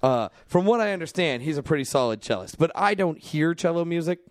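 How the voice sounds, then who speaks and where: A man's voice: a little high, animated, brisk, no echo, clean studio sound. A man co-hosting a podcast, chatting casually and teasing the others. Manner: joking, teasing, restarts often. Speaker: podcast co-host. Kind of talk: casual comedic chat.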